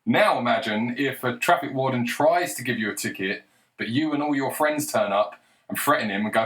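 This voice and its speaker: A man holding forth in a solo commentary rant. He is blunt and combative, swears freely and keeps pushing his point with rhetorical questions, in a voice of ordinary middle pitch for a man. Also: a little fast, a bit bright. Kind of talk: political commentary monologue.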